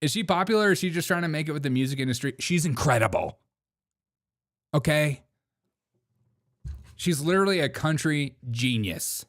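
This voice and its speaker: A man hosts a commentary show, poking fun at clips with sarcastic jabs and bursts of laughter. His voice sits a little high and moves with lively swings. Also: brisk. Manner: sarcastic, laughs often, teasing. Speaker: show host.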